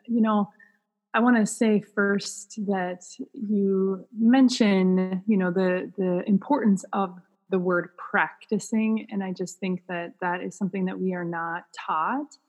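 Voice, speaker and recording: A woman guest author speaking on a podcast interview. Her voice is husky and breathy, and she answers in a thoughtful, unhurried way with many fillers. The recording has a long reverb from the room. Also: mid-range voice, steady tone, darkish tone.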